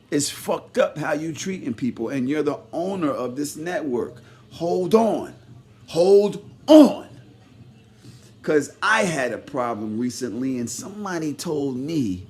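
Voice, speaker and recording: A man giving a heated, profane commentary rant, swinging between loud shouting and low muttered asides. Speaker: commentary vlogger. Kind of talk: ranting commentary.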